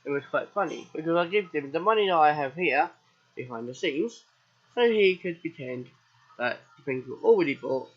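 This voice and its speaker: A man's voice: on the high side, expressive, normal speed, slightly rough, muffled recording. A British man with a sore throat, chatting casually through a farming game as its host, rambling and answering his own questions. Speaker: let's play host.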